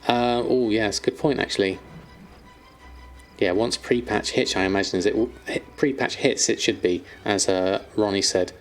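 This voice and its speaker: A man with a lowish voice chats casually on a live stream. He reads out viewer questions and answers them, filling his talk with ums and uhs. Faint music plays behind him. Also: fairly even intonation, moderate pace. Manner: chatty, reads viewer questions aloud, many ums and fillers.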